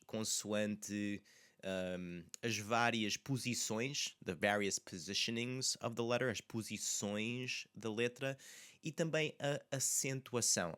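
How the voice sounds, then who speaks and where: A man teaching a bilingual pronunciation lesson, repeating example words slowly and with emphasis. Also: fairly low pitch, fairly bright tone. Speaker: language teacher.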